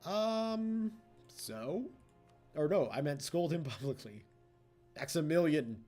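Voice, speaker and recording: A man talks through a strategy game in casual let's play commentary, chatty and teasing his computer foes. His voice sits a little high and mellow, rising and falling in a lively way. Faint game music plays softly behind him. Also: takes it slowly. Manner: chatty, taunts the computer opponents.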